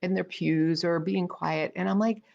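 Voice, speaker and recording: A woman's voice: lowish voice, steady tone, moderate pace, creaky, darkish tone. A middle-aged woman telling a personal story in a casual live video, chatty, with lots of fillers and restarts. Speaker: speaker trainer hosting a weekly live video. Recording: slightly dull, lo-fi sound.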